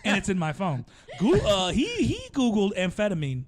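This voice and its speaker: A man's voice: high voice, wildly swooping pitch, moderate pace. A young man with a New York accent, co-hosting a podcast and teasing his friends in casual banter. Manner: teasing, joking. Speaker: podcast co-host.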